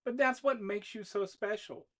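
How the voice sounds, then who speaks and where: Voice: medium pitch, normal speed, pitched above the performer's own voice, natural voice. A narrator voicing a loving, tender mother at her child's bedside. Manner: tender, soft-spoken.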